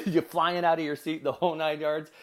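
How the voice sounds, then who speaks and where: Midwestern man, middle-aged, a touch high-pitched; earnest, chatty motivational podcast host. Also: level tone, normal speed. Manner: earnest, conversational, speaks directly to listeners. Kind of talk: casual motivational storytelling.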